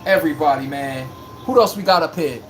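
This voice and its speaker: A man's voice: a little high, a little fast, fairly bright tone, slight background noise. A man hosting a live sports stream, talking in a joking, rambling, slangy way. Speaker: livestream sports podcast host. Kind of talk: casual live-stream chat.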